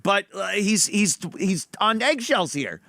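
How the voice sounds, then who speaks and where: A man's voice: sits high, very animated, measured pace, bright, forceful tone, no echo. A man hosting a commentary show, reacting to clips in a mocking, profane way. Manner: mocking, profane, mimics voices. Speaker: commentary channel host.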